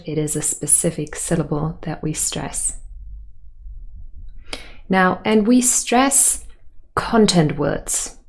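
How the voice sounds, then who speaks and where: A woman's voice: fairly low pitch, darkish tone. A woman teaching sentence stress in a patient, explanatory way with light humor. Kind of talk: explanatory lesson.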